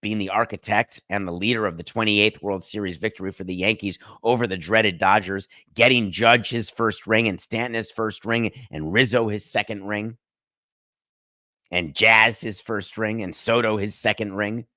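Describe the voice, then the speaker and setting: A brash middle-aged man holding forth as a sports podcast host, cracking jokes and tossing off quick asides. His voice sits fairly low, and the sound is dry and close, with no room around it. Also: steady tone, pushed and bright, dry recording. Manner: brash, joking, fast asides. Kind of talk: casual sports commentary monologue.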